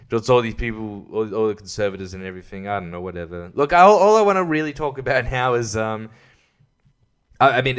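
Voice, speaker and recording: A man's voice: on the low side, a bit bright, clean tone. A young man hosting a rambling solo podcast, sarcastic and full of fillers. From Australia. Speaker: podcast host.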